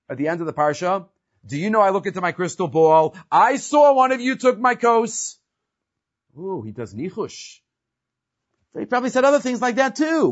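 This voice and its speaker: A man giving a lively Torah class, quoting quickly and then explaining in casual, questioning asides. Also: sits high. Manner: animated, mixes quick Hebrew quoting with casual English asides. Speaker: Torah teacher. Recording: dull lo-fi recording.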